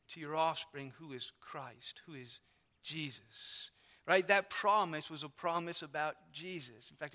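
A pastor preaches to his congregation, his voice pitched high and bright. He explains with animated emphasis. The church hall gives his words a long reverb. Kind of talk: sermon. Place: church sanctuary.

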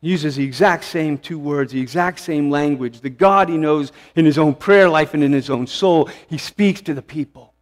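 Impassioned high-voiced male pastor preaching. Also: normal speed, few pauses, long reverb tail. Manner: impassioned, swelling to emphatic peaks then dropping hushed. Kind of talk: sermon. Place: church sanctuary.

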